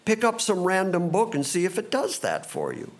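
Man, pastor, sermon, high voice, very animated pitch. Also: normal speed. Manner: animated preaching, acting out disciples' confused voices.

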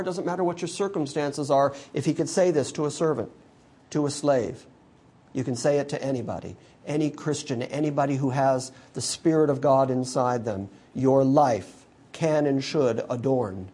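Middle-aged male pastor, earnest sermon delivery with slow, low emphasis, voice pitched a bit high. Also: darkish tone. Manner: earnest preaching, slowing and dropping low for emphasis.

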